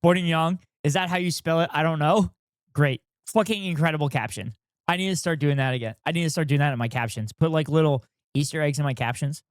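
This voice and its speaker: A man's voice: a little high, clear, resonant tone, no echo, clean studio sound. A man streaming live, reacting casually and profanely while chatting to his viewers.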